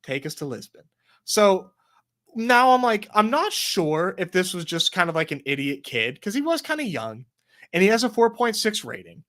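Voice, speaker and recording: A man from Texas co-hosts a casual chat and tells a rambling story. His pitch swings widely as he acts out the people in it. He drops in swearing and lots of fillers. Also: normal speed. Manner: animated storyteller, swears, many likes and restarts. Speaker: podcast co-host.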